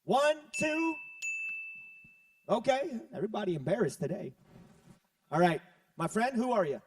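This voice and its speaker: Male event emcee, very high and animated voice, hype delivery, distant mic over a crowd. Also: unhurried. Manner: hype, playful, calls to the crowd. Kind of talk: live event hosting. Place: large event room with an audience.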